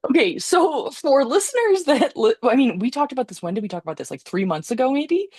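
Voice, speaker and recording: A woman's voice: sits high, very animated, a little fast, a little mellow, slightly rough, no echo, clean studio sound. A young woman co-hosting a podcast, telling a rambling story in a chatty, giggly way. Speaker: podcast co-host. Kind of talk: casual chat.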